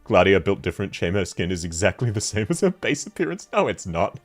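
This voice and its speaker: A man's voice: lowish voice, big pitch swings, brisk, faint music behind. A man with a cold, chatting casually on a livestream, reading chat and laughing often. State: sick with a cold. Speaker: VTuber streamer.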